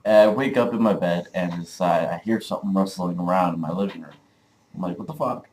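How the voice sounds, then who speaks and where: A young man speaking to camera in a fairly low voice, telling a story in a loose, rambling way. He fills every sentence with "like" and swears casually as he goes. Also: fairly even intonation, fairly quick, a little mellow, slight background noise. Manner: rambling, full of "like", profane. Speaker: vlogger.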